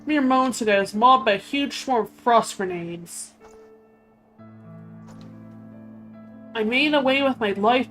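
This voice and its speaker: A woman's voice: fairly high pitch, pitched above the performer's own voice, close to an everyday voice. A woman reading a hot-tempered male knight's dialogue aloud, in a raised, emphatic voice. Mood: flustered. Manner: reads quest dialogue aloud with lifted emphatic delivery.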